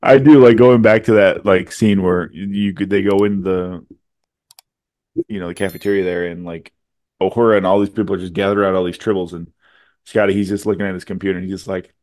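A man chatting casually as a podcast co-host, his voice sitting a little low. He laughs easily as he retells scenes. The sound is close and dry, with no room around it. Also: steady tone, brisk, a little mellow, no room sound. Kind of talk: casual chat.

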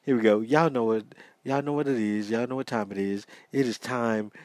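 A sleepy American man hosts a casual solo podcast, chatting in loose, repeating phrases and calling out to y'all. His voice sits at an ordinary middle pitch, and the recording is close and dry with no room around it. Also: normal speed, a little mellow, no room sound. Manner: chatty, repetitive, addresses listeners as y'all. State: sleepy, yawning. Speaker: podcast host. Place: small home studio.

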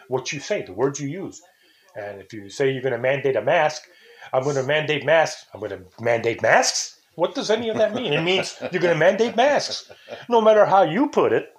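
An older man rants indignantly as a talk-show host, his voice sitting a little higher than most men's. He wanders from point to point and sometimes mimics how other people talk. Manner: rambling, indignant, mimics intonations. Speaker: podcast host. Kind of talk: casual talk show monologue.

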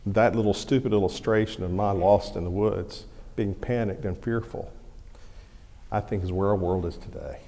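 A middle-aged man, preaching a sermon as a pastor and telling a personal story in a folksy, animated way. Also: fairly low pitch, normal speed. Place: church sanctuary. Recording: long hall reverb.

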